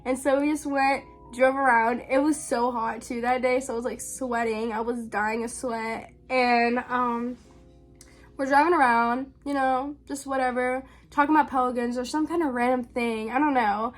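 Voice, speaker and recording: A young woman with a high, light voice tells a story straight to her viewers. She talks loosely and casually, sprinkling in "like" and "um" and laughing as she goes. Her tone stays relaxed and conversational throughout. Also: normal speed, soft background music. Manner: chatty, full of "like" and "um", laughs often. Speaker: vlogger telling a story.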